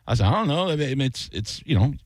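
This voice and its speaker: A man co-hosting a casual radio aftershow, telling animated stories and acting out quotes. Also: medium pitch, fast, no room sound, studio quality. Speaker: radio show co-host. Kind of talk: casual radio chat, storytelling.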